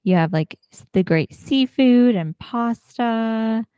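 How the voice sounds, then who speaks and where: A woman's voice: fairly high pitch, animated, takes it slowly, mellow, clear, resonant tone, no echo. Upbeat woman co-host, chatty podcast talk. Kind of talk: casual chat.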